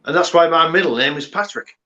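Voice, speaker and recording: A man's voice: fairly high pitch, fast talker, dull audio, a crowd in the background. A man in casual banter on a video call, teasing the others and swearing. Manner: teasing, swears, says "mate". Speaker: podcast panelist.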